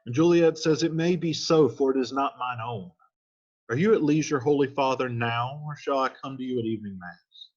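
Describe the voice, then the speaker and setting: Male teacher, casual line-by-line play explainer, husky voice, lo-fi sound. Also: medium pitch, moderate pace, a little mellow. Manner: reads old lines then paraphrases them in slangy modern speech.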